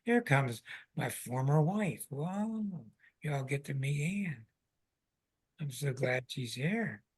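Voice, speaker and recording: An excitable man hosting a live online astrology show. He speaks with emphatic enthusiasm and sounds a little out of breath as he presses each point to his viewers. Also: medium pitch, slow, breathy edge.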